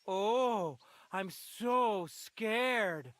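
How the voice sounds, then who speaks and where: An actor voicing a scornful, mocking village bully in a video game. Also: male voice, high-pitched, very animated, measured pace, sharp tone, dry recording, full character voice. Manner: mocking, taunting. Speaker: game character.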